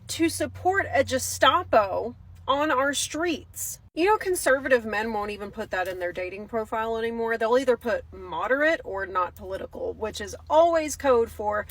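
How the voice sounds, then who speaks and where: A woman from the United States speaks straight to her viewers in a casual reaction commentary. Her voice sits fairly high, and her tone is scornful and sarcastic as she lectures.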